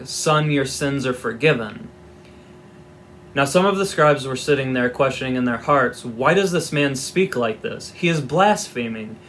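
A man's voice: medium pitch, a bit bright, a little hiss or hum. A man giving an informal Bible teaching, reading scripture aloud and explaining it in a conversational, wry way with asides.

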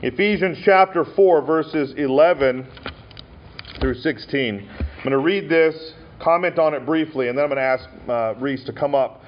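A man's voice: mid-range voice, normal speed, a little hiss or hum. A male pastor from Montana preaching a sermon in a church, telling stories with frequent fillers and restarts. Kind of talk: sermon at an ordination ceremony. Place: church sanctuary. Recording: dull lo-fi church recording.

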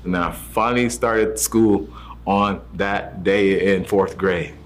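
A man's voice: deep voice, steady tone, takes it slowly. A man giving a personal faith testimony, telling his story earnestly and acting out the voices of the people in it. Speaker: testimony speaker. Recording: soft music underneath.

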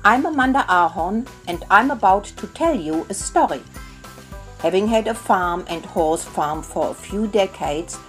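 A middle-aged woman telling a children's story in a gentle, unhurried way. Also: medium pitch, lively intonation, faint music behind.

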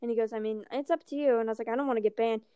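A woman's voice: fairly high pitch, very fast, clear, resonant tone, no echo, clean studio sound. A young woman telling stories in casual chat, acting out the people she quotes and swearing freely. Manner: animated, acts out quotes, swears.

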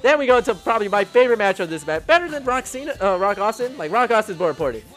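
Man, high voice, casual podcast chat, rambling, acts out quotes. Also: animated, racing, a bit bright, faint music behind. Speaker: podcast host.

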